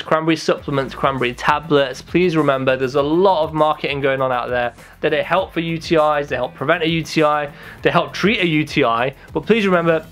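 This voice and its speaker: A young man who works as a pharmacist, answering viewer comments in an upbeat, energetic, casual way. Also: a little high. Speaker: pharmacist host. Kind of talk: casual YouTube comment-response chat.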